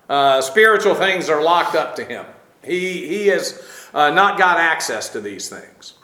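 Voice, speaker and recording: A man teaching a Bible lesson, halting often with fillers and dry asides. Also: fairly high pitch, bright, forceful tone, roomy sound.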